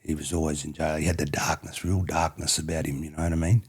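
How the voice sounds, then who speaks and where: A former rugby player guesting on a laid-back podcast, this middle-aged Australian from country New South Wales talks fast in a dark, husky, low voice. His storytelling is loose and reflective, looping back again and again to "you know what I mean".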